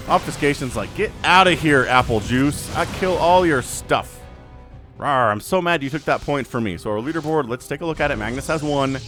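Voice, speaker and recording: Excitable male game caster, lively pitch. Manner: animated, excitable, voices players in quick asides.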